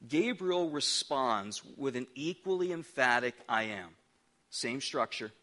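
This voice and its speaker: Middle-aged male pastor, emphatic sermon delivery with stammered restarts, bright tone. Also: mid-range voice, expressive, measured pace.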